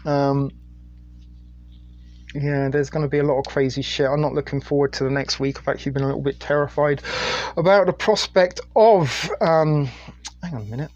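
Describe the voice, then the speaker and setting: A man's voice: on the high side, fairly even intonation, moderate pace, darkish tone, highs cut off. A middle-aged British man from the UK hosting a crude, rambling late-night live stream on his phone and reading viewer chat aloud. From United Kingdom.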